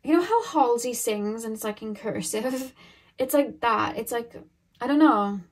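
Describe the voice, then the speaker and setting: A woman's voice: on the high side, measured pace. Chatty woman doing a tarot reading. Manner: loose and rambling, thinking aloud with many fillers. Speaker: tarot card reader. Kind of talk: casual pick-a-card tarot reading.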